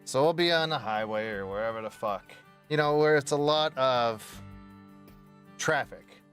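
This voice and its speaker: A man's voice: medium pitch, measured pace, a bit bright, soft background music. Rambling, cursing male streamer. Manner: rambling, profane storytelling with bursts of laughter. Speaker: game streamer. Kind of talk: casual stream chat.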